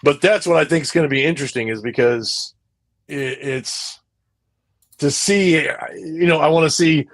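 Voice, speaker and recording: A man co-hosting a nerdy podcast, chatting casually with a slightly higher voice. He rambles, circling back over the same phrases as he works out his thoughts. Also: moderate pace. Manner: rambling, repeats himself often. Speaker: podcast co-host. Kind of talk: casual chat.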